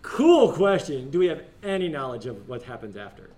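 A man teaching a classroom discussion, animated and joking, often laughing as he talks. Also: mid-range voice, normal speed, a crowd in the background. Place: school classroom.

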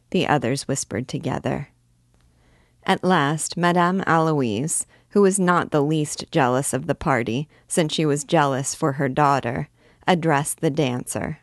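A woman reading a classic novel aloud in a clear, measured storytelling voice. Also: sits low, no echo, clean studio sound. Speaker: literature teacher reading aloud.

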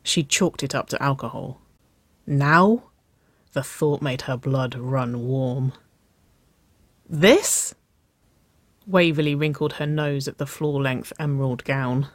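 A narrator reading a story aloud in a slow, measured way. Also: medium pitch, little pitch movement, dry recording.

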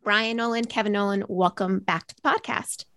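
A woman hosting a business podcast, reading a scripted intro and then leading the talk in an upbeat, measured way. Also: mid-range voice, steady tone, fairly bright tone, no room sound. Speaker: podcast host.

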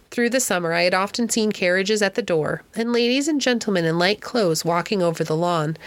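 Steady woman narrating an audiobook. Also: medium pitch. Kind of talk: audiobook narration of a classic novel.

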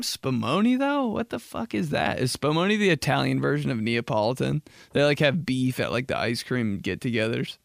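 Young guy riffing on his podcast, gravelly voice, dry close mic. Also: medium pitch, very animated, normal speed, fairly bright tone, no echo. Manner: rambling, jokey, says like a lot. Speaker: podcast host. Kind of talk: casual solo podcast chat.

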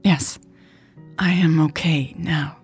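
A woman's voice: low voice, fairly even intonation, takes it slowly, a little mellow, soft background music. A woman narrator voicing a weary young woman with a dry, joking way of talking in an audiobook. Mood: wry.

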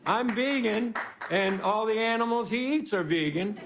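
A man's voice: sits high, lively intonation, moderate pace. A man giving a rambling, self-deprecating stand-up monologue as guest host on a live TV studio stage. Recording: live studio audience with crowd noise. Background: laughing studio audience.

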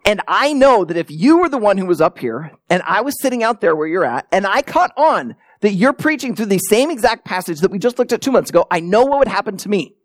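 Conversational male pastor with a lively voice. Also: high-pitched, fairly quick, few pauses, no echo, studio quality. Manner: conversational, self-deprecating storytelling. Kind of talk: sermon. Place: church sanctuary.

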